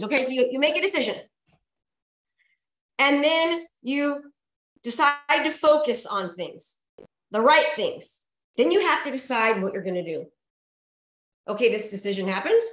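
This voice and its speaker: A high-pitched woman coaching real estate agents at a seminar, all energy and emphasis. She hammers her key points home by repeating them and calling out to the crowd. Her voice rings through an echoey room. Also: a bit bright, a little hiss or hum. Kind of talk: motivational seminar talk.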